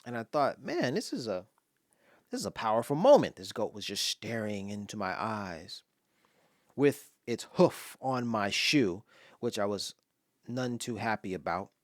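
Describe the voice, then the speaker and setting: A man's voice: lowish voice, very animated, unhurried, no echo, clean studio sound. A man from Los Angeles giving casual spoken commentary on his own poem, telling stories with voiced asides and sometimes dropping to a whisper.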